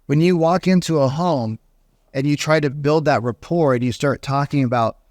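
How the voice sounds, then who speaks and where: A middle-aged man, a real estate coach, talking in an animated podcast monologue and acting out the people he quotes. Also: a little high, moderate pace, no room sound, clean studio sound. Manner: animated storytelling, acts out quoted voices.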